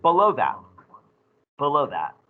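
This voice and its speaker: A male teacher giving an animated, joking classroom lecture to his students. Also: a little high, unhurried, phone-quality sound.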